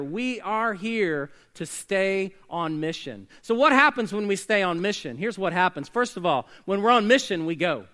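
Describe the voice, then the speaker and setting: A man preaching a sermon as pastor, swinging between loud emphatic bursts and quiet hushed lines. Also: high voice. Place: church sanctuary.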